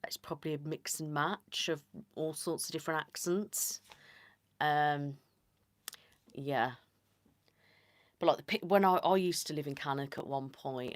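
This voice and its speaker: A woman with a Staffordshire accent, hosting an ASMR live stream and chatting in a rambling, casual way that slips into soft whispered asides. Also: low-pitched, no echo. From Staffordshire, England. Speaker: ASMR channel host.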